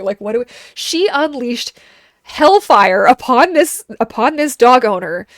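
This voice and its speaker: A woman in her thirties streaming and chatting casually, telling animated stories and acting out the voices of people and her dogs. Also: on the high side, moderate pace, dry recording, clean studio sound. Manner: animated storyteller, acts out quoted voices. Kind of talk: casual chat.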